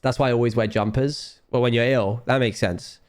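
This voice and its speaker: A man chats on a live stream in a loose, rambling way, often trailing off and poking fun at himself. He is ill and drained, and his voice sits at an ordinary mid pitch. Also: steady tone, a little fast, a little mellow. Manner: rambling, self-mocking, trailing off. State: ill, low on energy. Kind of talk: casual chat.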